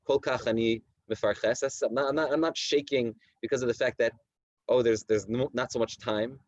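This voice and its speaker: Rabbi in his thirties leading a night study session, mid-pitched voice, repeats himself while explaining texts. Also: dry recording, lo-fi sound. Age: 30s. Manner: reads Hebrew texts slowly then explains them in animated English with many repetitions. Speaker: rabbi giving a Torah class. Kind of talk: Torah lecture to a community. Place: community study hall at night.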